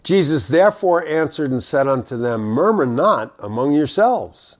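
A man's voice: lively intonation, normal speed. Man teaching through a Bible passage. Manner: reads scripture aloud then explains it conversationally; shifts between loud emphatic stress and low quiet asides. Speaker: preacher.

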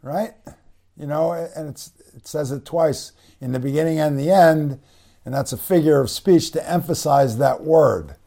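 A man's voice: on the high side, creaky, warm tone. A man preaching a conversational bible-teaching sermon, explaining Greek words and often saying "you know" between phrases. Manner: conversational, many fillers and restarts; spells out Greek words slowly.

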